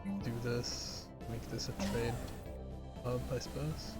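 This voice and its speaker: A man's voice: mid-range voice, steady tone, unhurried. A young man chatting casually while playing a strategy game, rambling and sarcastic with plenty of swearing and fillers. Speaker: gamer. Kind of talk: casual gaming chat. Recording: game music behind the voice.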